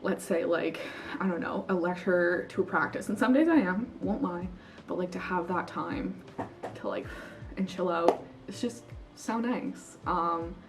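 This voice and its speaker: A woman's voice: fairly low pitch, a little slow, creaky, recorded from a distance, music in the background, poor audio. A young woman from Canada, an international student vlogger, telling stories in casual chat that is full of "like" and fillers. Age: young adult. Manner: chatty, filler-heavy storytelling with lots of "like".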